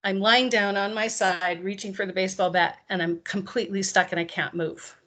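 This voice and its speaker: A woman's voice: medium pitch, a little fast. A woman, a guest on an interview show, telling a personal story and acting out the quoted lines of the people in it. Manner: animated, acts out quoted dialogue.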